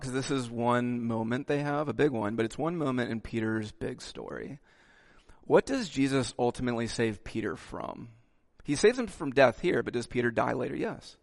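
A male pastor preaching a sermon with lively delivery, dropping "okay" asides and acting out the quotes he reads. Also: medium pitch, normal speed, creaky.

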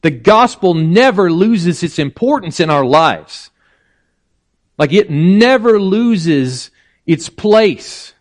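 A man preaching a sermon, slow and deliberate, rising in pitch for emphasis. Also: animated. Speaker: pastor.

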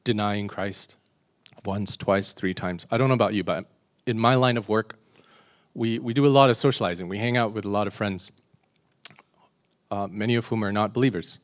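In a confessional sermon, a man with a lowish voice poses rhetorical questions to the congregation, slowing down and lowering his voice on solemn points.

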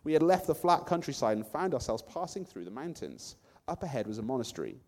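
A man narrating a first-person story in an expressive way. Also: medium pitch, fast, in a large hall.

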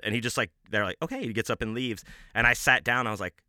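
A man's voice: on the low side, quick pace, sharp tone, smooth, dry recording, studio quality. A man hosting a podcast, telling a rambling, profane story in casual talk with many restarts and fillers. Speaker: podcast host.

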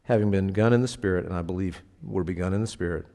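A pastor with a low, warm voice preaches quickly in a reverberant hall. His sermon is casual and conversational, and he keeps checking in with the congregation, asking them questions and punching key words in emphatic bursts.

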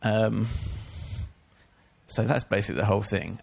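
A man's voice: fairly low pitch, a little slow, creaky, darkish tone, slightly rough. A man giving a casual, chatty Bible teaching talk, full of informal asides. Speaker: church teacher.

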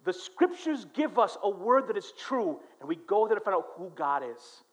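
Middle-aged male pastor, high and very animated sermon delivery, acts out quoted voices. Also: normal speed. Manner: storytelling, lively voices for quoted people, swings from quiet to loud. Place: church.

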